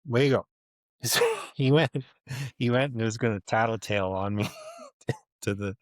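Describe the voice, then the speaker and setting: A man's voice: fairly low pitch, unhurried, no echo. A man in his thirties, a podcast co-host, telling a story in casual chat, swearing freely and acting out both sides of an argument. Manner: animated, profane, acts out both sides of an argument.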